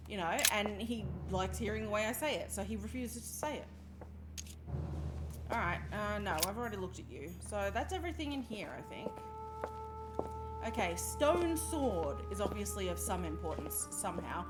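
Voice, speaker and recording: A woman's voice: mid-range voice, expressive, moderate pace. A woman chatting casually while streaming a game, laughing often and playfully snobby. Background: game music.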